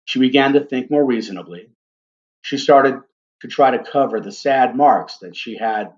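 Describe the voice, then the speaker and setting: A man reading a story aloud in a gentle, deliberate way, speaking now and then to his listeners. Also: mid-range voice, muffled recording. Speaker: reader.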